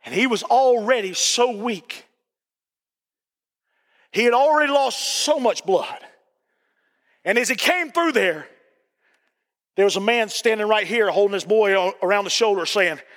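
A middle-aged male pastor delivers a sermon with emphatic repetition and sudden shouting. His voice is strikingly high and bright. It rings through a reverberant church sanctuary.

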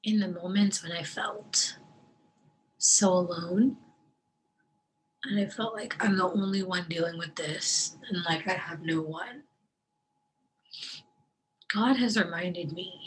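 A woman in a personal video diary, tearful and crying as she talks, halting and soft, often dropping to a breathy whisper. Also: lowish voice, slight background noise, poor audio. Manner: slow, hesitant delivery with long pauses. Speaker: vlogger sharing her faith.

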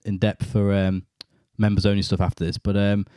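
Man, interview host, easygoing, very low voice, dry sound. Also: fairly quick, clean tone, no room sound. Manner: easygoing, laughs along, relaxed chatter. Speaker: podcast host. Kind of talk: casual interview chat.

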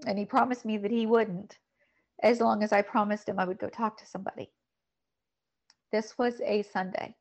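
A woman's voice: mid-range voice, steady tone. Woman telling a painful personal story. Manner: emotional, halting, repeats words. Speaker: podcast guest. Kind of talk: personal story in a podcast conversation.

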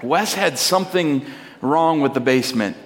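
A man in his thirties, a pastor, telling a lively personal story in a sermon and acting out his children's lines. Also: normal speed, a little hiss or hum. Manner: animated storyteller, acting out his kids in a high voice. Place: church hall. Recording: long hall reverb.

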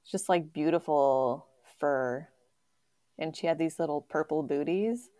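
A woman co-hosting a relaxed podcast, telling everyday stories in an unhurried, chatty way full of filler words. Her voice sits a little low and the recording is dry and close. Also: dry recording. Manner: chatty storyteller, uses "like" often. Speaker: podcast co-host. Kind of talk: casual chat.

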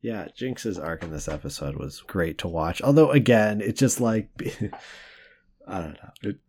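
Low-voiced joking male podcast host. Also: animated, unhurried, a little mellow, husky. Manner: joking, chatty, laughs often. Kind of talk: casual chat.

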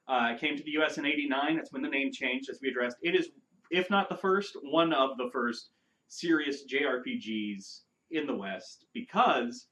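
A man's voice: mid-range voice, rough recording. Chatty man co-hosting a game review. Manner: relaxed, chatty, dry sarcastic humor. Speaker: podcast co-host reviewing a video game. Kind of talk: casual review chat.

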